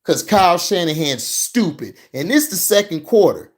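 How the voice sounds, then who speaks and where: A man's voice: high voice, big pitch swings, normal speed. A man ranting and reacting to football footage in a heated, profane, mocking way. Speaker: sports commentary vlogger.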